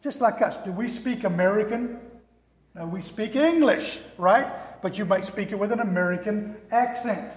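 High-voiced pastor preaching. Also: male voice, normal speed. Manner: conversational teaching, rhetorical questions. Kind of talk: sermon. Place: church hall. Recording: echoey hall.

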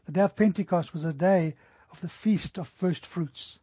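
High, husky-voiced man preaching. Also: mellow, dry recording. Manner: earnest preaching, slowing down to stress scripture. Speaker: pastor. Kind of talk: sermon. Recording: dry, dull lo-fi recording.

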